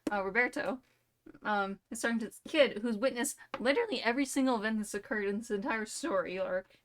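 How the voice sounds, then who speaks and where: A woman's voice: on the high side, a bit bright. A woman streamer spinning a playful, dramatic, rambling story in casual livestream chat.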